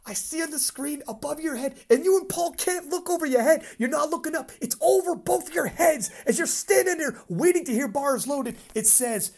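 A woman with a somewhat high voice tells a story in a casual chat. She is animated and profane and acts out her own reactions as she goes. Her talk stays loose and unscripted. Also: moderate pace, vocal fry, few pauses. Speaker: podcast host and powerlifting commentator.

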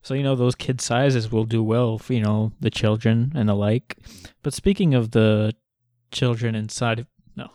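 A man's voice: mid-range voice, steady tone, moderate pace, mellow, no echo. A man co-hosting a casual chat, asking teasing, jokey questions and laughing easily. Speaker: co-host.

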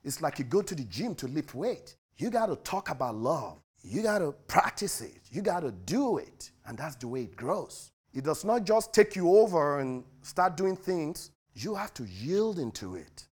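A male preacher delivering a sermon, swinging from loud declarations to hushed asides. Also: on the high side, big pitch swings, moderate pace, hardly any pauses, husky.

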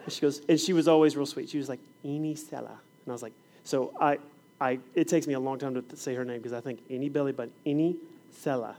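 A man's voice: mid-range voice, fast talker, slight background noise. A middle-aged man who is a preacher and fifth grade science teacher, telling classroom stories in a sermon and acting out the scenes. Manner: animated storyteller, acts out scenes. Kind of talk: sermon with storytelling.

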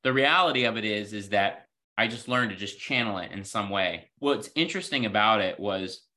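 A man with a fairly low, bright and forceful voice speaks as an interview guest. He tells stories from his working life in an earnest, reflective way, scattering "you know" through his sentences. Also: normal speed. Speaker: podcast guest, healthcare executive.

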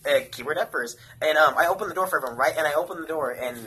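Fast, bright-voiced young man rambling. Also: on the high side, breathy edge, poor audio. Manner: rambling, heavy use of "like". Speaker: storyteller among friends. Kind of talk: casual chat.

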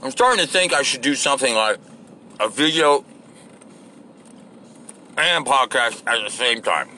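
A man's voice: mid-range voice, animated, unhurried, sharp tone, a little hiss or hum. A man hosting a podcast, ranting off the cuff outdoors in a crude, sarcastic way and swearing constantly. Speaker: podcast host. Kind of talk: profane off-the-cuff rant.

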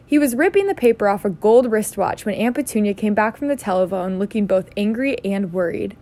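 A woman's voice: mid-range voice, animated, fairly quick, mellow. A woman reading a children's novel aloud in a casual way, with slips and self-corrections. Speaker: reader.

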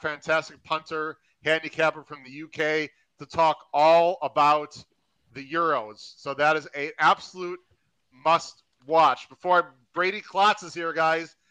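A man runs a live podcast with an upbeat, hype-building energy. His voice is bright and a little high, recorded close and dry with almost no room sound. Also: no room sound, low-quality recording. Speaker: podcast host.

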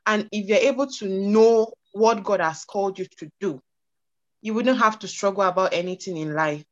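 A woman with a mid-pitched voice talks eagerly over muffled, lo-fi call audio, repeating how happy and proud she is. The sound is dull and lacks any crispness. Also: normal speed. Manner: enthusiastic, repetitive. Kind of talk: speech on a video call. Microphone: online call audio.

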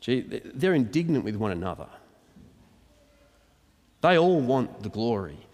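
A man's voice: mid-range voice, very animated, unhurried, darkish tone. A man preaching a conversational, verse-by-verse sermon and acting out the quotes. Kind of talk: expository sermon. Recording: long hall reverb.

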